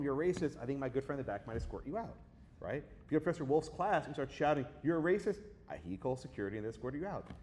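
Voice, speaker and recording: A middle-aged man giving a lively, conversational lecture to an audience, often checking in with a quick "right?". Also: medium pitch, a little hiss or hum. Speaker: law professor giving a guest lecture. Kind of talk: animated lecture with slides.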